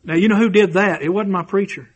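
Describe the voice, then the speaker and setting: رجل واعظ بلهجة جنوبية أمريكية، بصوت مرتفع الطبقة، يلقي عظة بحماس وتكرار إيقاعي ويروي قصصاً شخصية. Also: male voice, high voice, fast talker. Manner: fervent, repetitive preaching cadence with personal storytelling. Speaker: preacher. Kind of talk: sermon.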